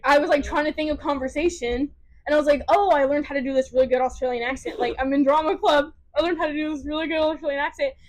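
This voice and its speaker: High-voiced young woman telling a story. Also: fast talker. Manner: laughing, animated storytelling. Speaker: podcast co-host. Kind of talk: casual chat.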